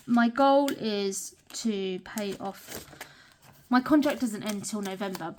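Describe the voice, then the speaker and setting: A woman's voice: a little high, a little mellow. A young British woman chatting casually while counting cash into budget envelopes, often murmuring numbers under her breath. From Britain. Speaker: budgeting vlogger.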